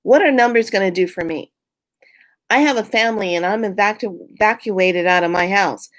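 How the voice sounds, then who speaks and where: A woman from California talking casually to her viewers, outspoken and animated. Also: moderate pace. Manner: animated, outspoken, jumps up in pitch when worked up. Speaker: spiritual vlogger. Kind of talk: casual chat to camera.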